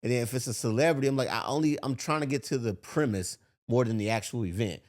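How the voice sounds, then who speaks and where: A man co-hosting a podcast, talking in quick, animated casual chat and swearing freely. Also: medium pitch. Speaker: podcast co-host.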